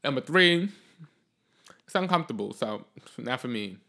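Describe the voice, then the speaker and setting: A man hosting his own podcast alone, talking off the cuff in a blunt, profane, sassy way, swinging between loud outbursts and low muttering. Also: lively intonation, moderate pace. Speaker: podcast host. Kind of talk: solo podcast monologue, unscripted.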